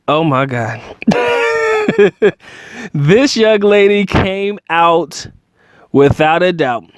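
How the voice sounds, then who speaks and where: A man's voice: a little high, a little mellow, no echo, studio quality. A man hosting his own channel, talking casually to viewers with lots of fillers and frequent chuckles. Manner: conversational, many fillers, chuckles often. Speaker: channel host. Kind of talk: casual commentary to camera.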